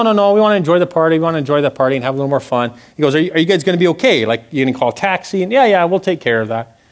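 A man in his forties giving a sermon testimony, telling an earnest story and dropping to hushed tones at serious moments. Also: a little high. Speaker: church speaker sharing a testimony.

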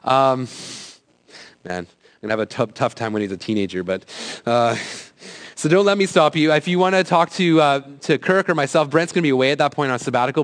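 A man in his thirties giving a casual, conversational sermon as a youth pastor, joking at his own expense and acting out quoted voices. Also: fairly high pitch. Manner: conversational, self-deprecating, acts out quoted voices.

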